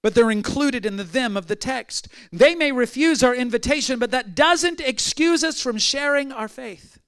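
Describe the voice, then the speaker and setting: Man, pastor, sermon; high, emphatic, dry close sound. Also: expressive, moderate pace, a bit bright, clear, resonant tone, no room sound. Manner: emphatic, builds through repeated phrases.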